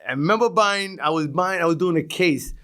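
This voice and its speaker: Middle-aged New York man, podcast guest; slightly high voice, animated storyteller who slips into street voices. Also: fairly quick. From Brooklyn, New York. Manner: animated, acts out street dialogue, chuckles often. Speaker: podcast guest, retired police officer. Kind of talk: casual storytelling.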